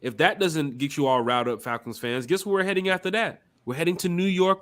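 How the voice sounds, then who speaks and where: A man hosts a casual sports podcast and talks through the season with building excitement. His voice sits a touch higher than most men's. He keeps the chat moving and hypes up the games ahead. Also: a little fast, hardly any pauses. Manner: animated, hype-building, runs the schedule rundown. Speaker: podcast host.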